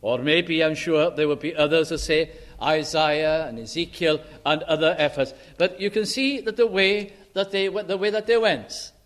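Emphatic male preacher, high voice. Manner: emphatic, stresses key words and slows on scripture quotes. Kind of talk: sermon.

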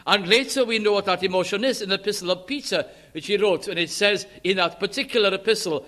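Man, preacher, high voice, earnest, emphatic sermon. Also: moderate pace, bright, forceful tone. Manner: earnest, rising to emphatic, quoting scripture in old English.

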